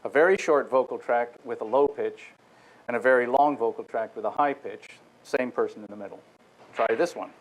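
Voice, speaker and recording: A guest lecturer, a man with a mid-range voice, gives a technical talk to an audience at a slightly quick pace. He walks through the material step by step, addresses listeners directly, and frequently restarts his sentences. The recording quality is low.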